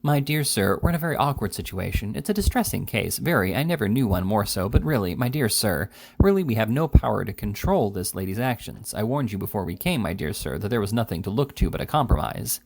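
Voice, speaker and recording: A man performs an exaggerated voice for a bustling little male attorney who coaxes and haggles in a wheedling mood, endlessly repeating "my dear sir." His voice is low-ish with vocal fry, big pitch swings, and a slightly fast pace.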